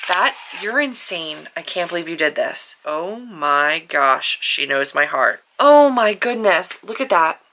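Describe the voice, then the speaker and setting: A young woman chatting casually in a book vlog from her bedroom, gushing and animated with quick asides. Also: on the low side. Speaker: book vlogger. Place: bedroom at home.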